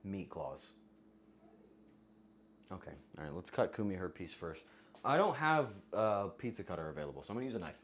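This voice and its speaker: Lively, crude livestreamer chatting with viewers. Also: deep voice, a little fast, pauses often, slight background noise. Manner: crude, joking, bursts into yelling. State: voice getting hoarse. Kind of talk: casual livestream chat with viewers.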